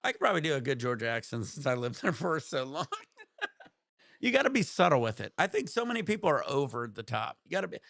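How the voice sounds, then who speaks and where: Gravelly, laid-back male streamer. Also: on the high side, very animated, fairly bright tone, dry recording, studio quality. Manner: laid-back, rambling, quick to laugh. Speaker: livestream host. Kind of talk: casual livestream chat.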